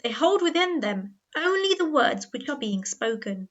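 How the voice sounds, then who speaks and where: A woman teaching a grammar lesson, explaining clearly and patiently and slowing down on key words. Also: high voice, big pitch swings, fairly bright tone. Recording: dull lo-fi voice-over.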